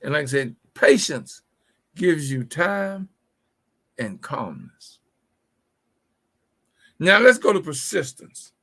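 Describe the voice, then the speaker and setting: A middle-aged man with a gravelly, fairly high voice hosts a motivational business talk. He speaks in a folksy, preachy way and drives his points home by repeating key phrases. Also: very animated, takes it slowly. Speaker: host.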